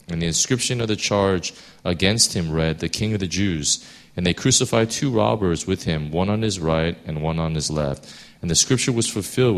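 A man with a very low, deep voice reads scripture aloud at a steady pace. When he moves on to preaching, he talks loosely, with fillers and restarts as he works his thoughts out. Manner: steady reading, then halting with many fillers. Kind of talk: scripture reading then sermon.

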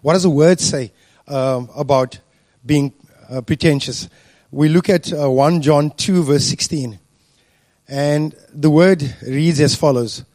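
A man giving a sermon, speaking deliberately with frequent fillers and restarts. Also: fairly high pitch, darkish tone, no room sound. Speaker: preacher.

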